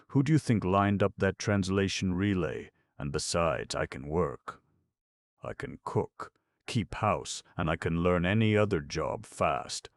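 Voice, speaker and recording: A man's voice: low-pitched, dry recording. A man reading an audiobook, voicing a young alien woman linguist who is eager and blunt and turns her S sounds into hard Z's.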